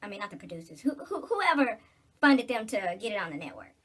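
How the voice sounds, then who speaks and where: Bright, husky-voiced woman chatting casually. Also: mid-range voice, very animated, a little fast. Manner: chatty, loose and joking, with slangy informal speech. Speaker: vlogger. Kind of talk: casual rambling vlog monologue.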